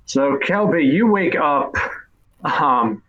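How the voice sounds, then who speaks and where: A man's voice: fairly high pitch, expressive, slow, a bit bright, lo-fi sound. A man acting as game master, narrating a tabletop game in an easygoing, matter-of-fact way.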